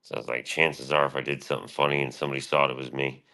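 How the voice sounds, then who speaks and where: A man's voice: a bass voice, level tone, very fast, vocal fry, sharp tone. A man streaming, talking in a rambling, boastful, swear-filled monologue.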